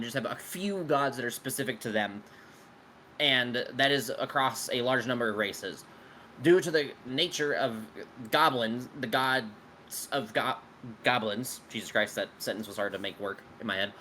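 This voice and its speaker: A man at a mid pitch with a bright, forceful voice, talking as a game master who answers his players' questions about his world. He rambles loosely, piles on fillers and drops casual swears. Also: a little hiss or hum.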